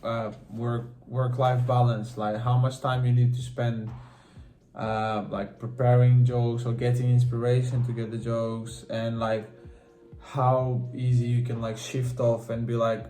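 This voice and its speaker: A man's voice: mid-range voice, little pitch movement, unhurried, dark tone. A man hosting a casual podcast, asking curious, encouraging questions. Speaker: podcast host. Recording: roomy room with faint music.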